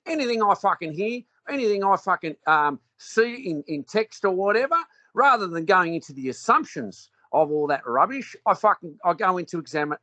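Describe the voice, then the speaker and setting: A man in a heated argument, cross-examining his opponent with profane, rapid-fire questions. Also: high voice, sharp tone, dry recording. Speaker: debater.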